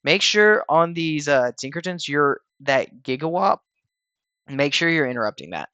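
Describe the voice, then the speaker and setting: A man casually talking viewers through a video game raid fight in a relaxed, rambling way, with lots of fillers and restarts. He sounds a little tired. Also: on the high side, a little slow, no room sound. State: tired, yawning. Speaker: gaming channel host explaining a raid. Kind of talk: casual gameplay walkthrough voice-over.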